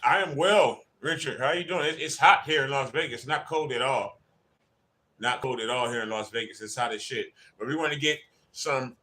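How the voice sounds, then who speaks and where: A man's voice: medium pitch, moderate pace, pushed and bright. A man hosting a casual fan livestream, chatting and greeting viewers by name as they join. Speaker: livestream host.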